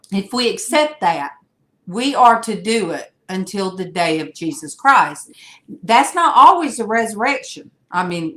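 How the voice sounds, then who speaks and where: Older woman host, unhurried and chatty, rambles along and greets her viewers by name on a video call. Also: medium pitch, a bit bright. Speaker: livestream host. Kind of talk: casual livestream chat.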